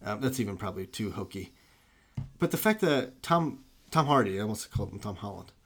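A man's voice: lowish voice, big pitch swings, fairly quick. A man in casual film chat, rambling and enthusiastic, full of "like" and restarts.

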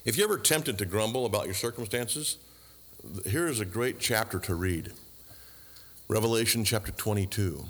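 A man's voice: lowish voice, normal speed, fairly bright tone, long reverb tail. A man preaching a sermon, asking the congregation questions and adding dry asides. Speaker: pastor.

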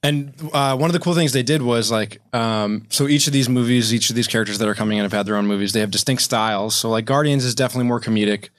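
A man's voice: mid-range voice, quick pace, few pauses, no room sound. A man co-hosting a casual podcast chat, laid-back and profane, laughing often as he tells stories. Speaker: podcast co-host.

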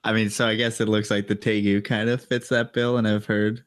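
A man's voice: fairly low pitch, flat delivery, brisk. A man co-hosting a casual interview, asking detailed, careful questions. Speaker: podcast co-host.

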